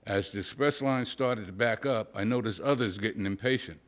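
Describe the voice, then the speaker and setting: A man, a poet at a live reading, reading a humorous prose story aloud in a dry, wry, deadpan way. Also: fairly low pitch, moderate pace. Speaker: poet reading his work.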